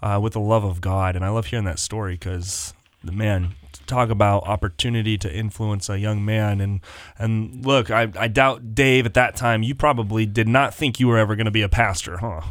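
A man's voice: fairly low pitch, fairly even intonation, moderate pace, no room sound. A man co-hosting as a pastor in casual chat, encouraging and responsive. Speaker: pastor, co-host. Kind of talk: casual talk show chat.

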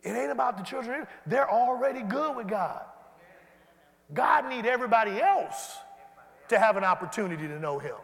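A man preaching an animated sermon and leading the congregation in call-and-response. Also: very high voice, brisk, gravelly. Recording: hall reverb.

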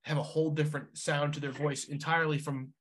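Bright, husky young host from Rhode Island. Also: male voice, on the high side, quick pace. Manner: animated, loud reactions. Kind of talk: casual chat.

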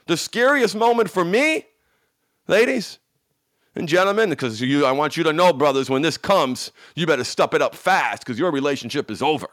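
A man gives a motivational coaching talk, hammering points home with repetition and frank, salty language. His voice sits fairly high and jumps between loud bursts and hushed lines. The sound is dry and close. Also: animated, normal speed, no echo. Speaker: addiction recovery coach.

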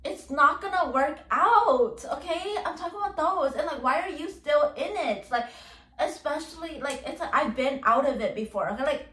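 A woman's voice: high-pitched, expressive, moderate pace, pushed and bright. A young woman hosting a podcast, venting in a rambling, casual way, full of "like" and swearing, exasperated and repeating herself for emphasis. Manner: rambling, heavy use of "like" and "okay", swearing. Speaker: podcast host. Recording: roomy echo, distant from mic.

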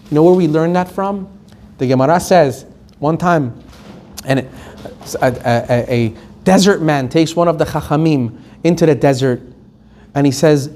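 A man's voice: a little high, moderate pace, mellow, slight background noise. Emphatic man giving a Torah lesson. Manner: emphatic storytelling, acts out quotes. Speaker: Torah teacher.

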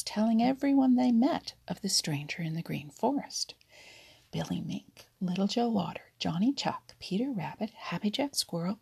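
A woman reads a children's animal story aloud in an unhurried, gentle way. Her voice is heavily gravelly and husky, with many lines drifting into a half-whisper. The pace is leisurely. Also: mid-range voice.

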